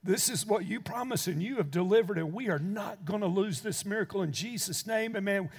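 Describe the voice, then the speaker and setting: Older male pastor, high voice, sermon storytelling that builds to fervent preaching, long hall reverb. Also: fairly quick, slightly rough.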